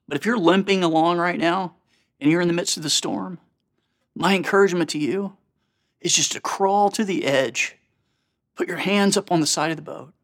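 A man's voice: high voice, a little fast. Earnest man preaching a sermon. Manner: earnest, conversational preaching with rhetorical questions. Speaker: pastor.

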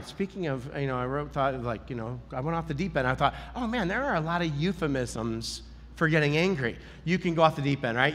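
A man preaching a sermon, telling a story in an animated way and acting out the lines he quotes. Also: on the high side, big-room sound. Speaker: pastor.

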